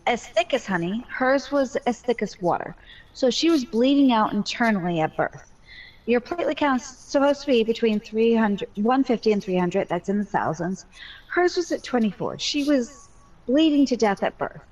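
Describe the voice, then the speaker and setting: A woman's voice: a little high, lively intonation, moderate pace, darkish tone, muffled recording. A mother telling her story in a casual voice chat, candid and talkative with a joking streak.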